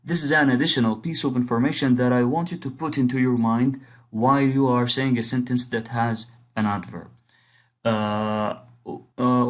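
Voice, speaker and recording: A man teaching an English grammar lesson, explaining patiently and rephrasing his points, reading example sentences aloud with marked stress. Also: medium pitch. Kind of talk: recorded online lesson.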